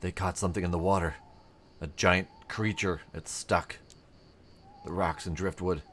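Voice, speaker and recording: A man voicing a drugged, desperate sea captain who speaks in halting, broken bursts of rage. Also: sits low, steady tone, fairly bright tone, a little hiss or hum. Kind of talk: game character voicing.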